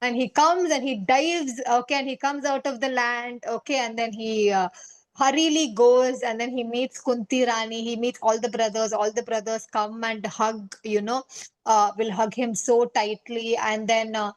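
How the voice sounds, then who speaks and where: A woman's voice: on the high side, steady tone, normal speed. A woman telling a story to a kids' class, chatty, checking in with "okay?" and "right?" all the time. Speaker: storytelling teacher. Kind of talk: casual storytelling class for kids.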